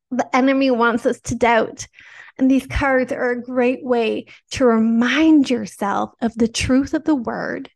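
A woman with a fairly high voice gives a devotional teaching. She talks straight to her audience in an earnest, urging way, stacking repeated phrases to drive each point home. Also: creaky, a little mellow. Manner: earnest and exhortational, direct to viewers. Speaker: Christian teacher and product seller.

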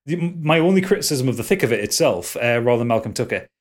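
A man's voice: mid-range voice, expressive, fast talker. A man with a Geordie accent chatting casually on a podcast, rambling with lots of ums and restarts and swearing freely. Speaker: podcast co-host.

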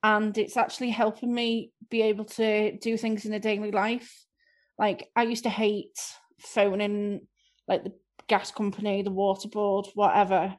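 A woman with a warm-sounding Scouse accent chats through interview questions, laughing at herself now and then. Her voice sits at an ordinary middle pitch, and she talks in a loose, casual way. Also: little pitch movement, normal speed. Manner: chatty, self-deprecating, laughs easily. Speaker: improv performer, interviewee.

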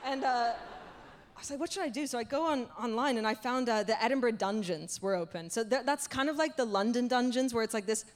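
Animated self-deprecating woman comedian. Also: on the high side, brisk. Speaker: stand-up comedian. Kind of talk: stand-up comedy storytelling. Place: stage.

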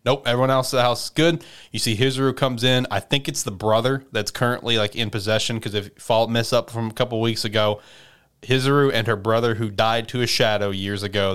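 A man's voice: on the low side, fairly bright tone, smooth. A man casually recapping a story, rambling with lots of "you know" and "like". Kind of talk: casual chat.

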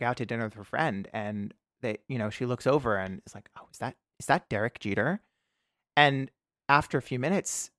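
A man guesting on a podcast, chatting casually, animated and laughing often. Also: mid-range voice, no echo, clean studio sound. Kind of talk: casual comedic chat.

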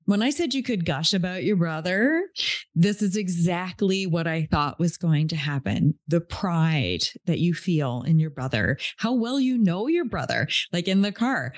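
A woman's voice: on the low side, very animated, measured pace, no echo. Effusive woman podcast host, dry sound. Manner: effusive, emotional, thinks aloud with fillers. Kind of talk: reflective podcast interview.

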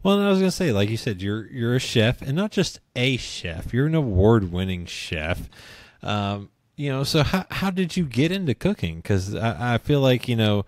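A man's voice: medium pitch, very animated, moderate pace, no echo. Easygoing male podcast host, dry sound. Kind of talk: casual interview chat.

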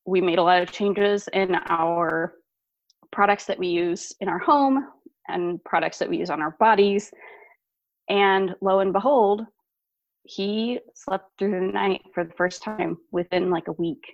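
A woman with a lowish voice tells her story as a guest on an interview show, animated and quick to laugh. The sound is dull and a little lo-fi, with a dry, close feel. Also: dry recording. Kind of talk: podcast interview.

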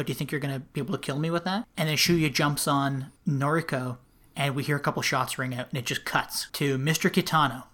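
A man with a slightly high, somewhat bright voice co-hosts a podcast, casually recounting a film's plot. He chats away, laughs often, and uses "like" constantly.

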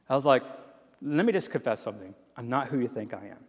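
A man's voice: mid-range voice, fast talker. Man preaching in an echoing hall. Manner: animated storytelling with quoted voices. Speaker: guest speaker. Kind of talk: sermon. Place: church hall. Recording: long hall reverb.

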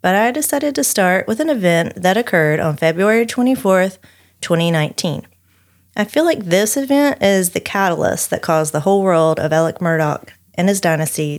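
A woman, co-hosting a podcast and narrating a true-crime story from her notes with chatty asides. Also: lowish voice. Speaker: podcast co-host.

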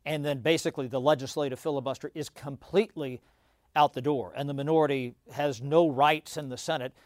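Fast-explaining man with stammered fillers. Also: a little high, steady tone, no echo, clean studio sound. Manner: rapid, stammering restarts with many "you know" fillers. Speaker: political analyst guest. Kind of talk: explanatory political analysis.

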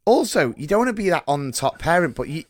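A man's voice: a little high, sing-song, fast talker, dry recording, studio quality. Upbeat jokey man hosting a podcast. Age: middle-aged. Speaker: podcast host. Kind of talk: casual chat, show hosting.

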